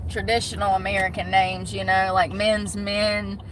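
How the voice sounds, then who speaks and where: A woman with a Southern US accent chatting casually and frankly, animated and swearing freely, talking from a car. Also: medium pitch, moderate pace, heavy background noise. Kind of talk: casual chat.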